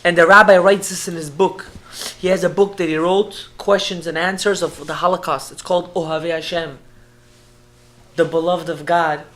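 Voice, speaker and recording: A man, a rabbi, telling a story in an emotional sermon. He swings from hushed tones to loud, urgent speech and repeats phrases for emphasis. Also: on the high side, steady tone, moderate pace. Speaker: rabbi giving an inspirational talk.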